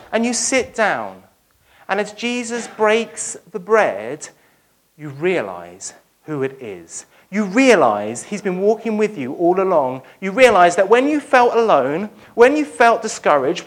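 A preacher giving a lively sermon, retelling a Bible story and acting out its dialogue for the congregation. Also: mid-range voice. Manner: speaks directly to the congregation.

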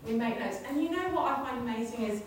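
Speaking to a congregation, a preacher gives a chatty church talk and laughs often. Her voice sits on the high side, animated and quick. The recording has an echoey hall, a distant mic, and faint noise.

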